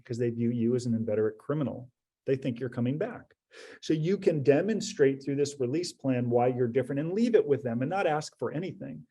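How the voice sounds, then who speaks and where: Man, webinar advisor, warm mellow tone, blunt direct advice, repeats key points. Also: medium pitch, brisk, breathy edge. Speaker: prison preparation advisor.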